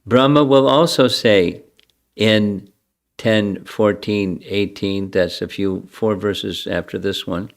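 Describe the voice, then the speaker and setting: Older guy slowly going through scripture, low voice, chants a verse then talks it over. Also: steady tone, creaky. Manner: chants verses, then explains them, conversational. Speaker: spiritual teacher giving a scripture class. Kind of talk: scripture lecture.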